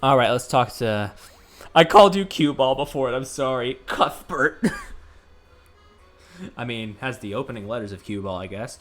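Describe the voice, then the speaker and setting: A man casually commenting while streaming a puzzle game, chatty and quick to laugh. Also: medium pitch, animated, a bit bright, faint music behind.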